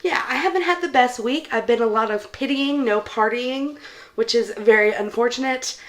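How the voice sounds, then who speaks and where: A woman's voice: fairly high pitch, moderate pace. Chatty young woman reviewing books. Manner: chatty, enthusiastic, talks straight to viewers. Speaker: book vlogger. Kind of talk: casual book review chat.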